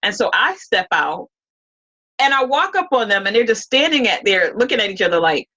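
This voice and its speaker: A woman's voice: medium pitch, very animated, normal speed, bright, forceful tone, highs cut off. A woman as an interview guest, telling a story in a casual, rambling way full of restarts and quoted dialogue.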